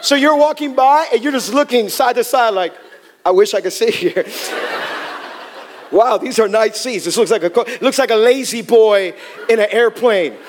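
A man preaching to a congregation as pastor, telling funny stories in an animated way. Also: extremely high pitch, normal speed, a little hiss or hum. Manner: humorous, animated storytelling to a congregation. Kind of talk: sermon. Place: church in front of a congregation.

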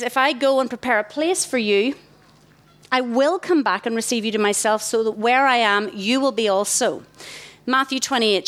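A middle-aged woman, giving a lively, direct sermon to a tent of girls. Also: mid-range voice. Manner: lively, direct, warmly emphatic. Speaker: youth speaker. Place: large tent.

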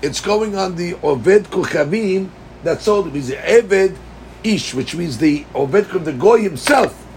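A man's voice: sits high, lively intonation, a little slow, slight background noise. A man teaching a Talmud class. He reads the text in a chanting lilt, then explains it plainly and puts questions to his students. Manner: addresses students directly with questions.

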